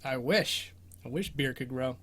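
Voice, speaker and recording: A man's voice: mid-range voice, a little slow, a bit bright. A young man hosting a casual livestream Q&A about a video game, rambling and self-deprecating and laughing often, speaking from his bedroom. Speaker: host of a game exploration show.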